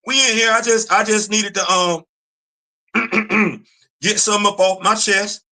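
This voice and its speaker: A man's voice: high-pitched, fairly even intonation, unhurried, sharp tone. A man, ranting to camera in a casual opinion video, scolding and repeating himself. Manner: preachy, repetitive, scolding. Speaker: video commentator.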